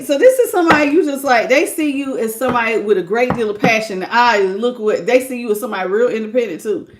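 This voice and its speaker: A woman's voice: sits high, noisy background. A woman hosting a live tarot reading who greets her chat, laughs a lot and talks in a slangy, playful way. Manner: acts out imagined people's lines. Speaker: tarot reader.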